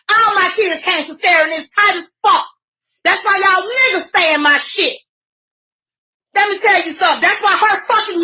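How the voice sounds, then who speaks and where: Middle-aged woman, very high, sharp voice, profane shouting live-stream rant. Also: slight background noise. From Virginia, US.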